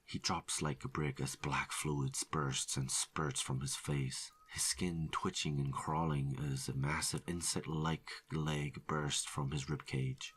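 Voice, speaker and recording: A man narrating a first-person horror story in a steady, low-key delivery. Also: takes it slowly, few pauses, breathy edge.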